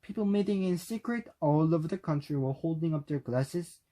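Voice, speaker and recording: A man whose first language is Korean reading a novel aloud for speaking practice, at a careful, steady pace. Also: on the high side, moderate pace, poor audio. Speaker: reader.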